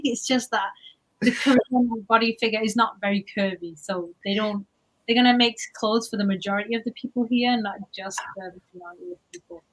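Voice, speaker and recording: A woman's voice: a little high, moderate pace, low-quality recording. A young woman from England with an English accent, chatting casually as a guest on a livestream interview. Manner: chatty, animated, lots of likes and restarts.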